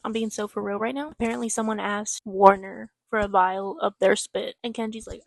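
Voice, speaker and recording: An excitable young woman chats through her reading in a casual vlog. She rambles and swears freely, with a slightly high voice. The sound is close and dry. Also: moderate pace, hardly any pauses, no echo. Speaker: book vlogger.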